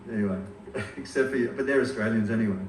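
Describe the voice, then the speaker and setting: A man's voice: on the low side, fast, slight background noise. A man in his forties giving a eulogy, telling humorous family anecdotes. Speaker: eulogist, eldest son. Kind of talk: funeral eulogy. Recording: echoey hall from far off.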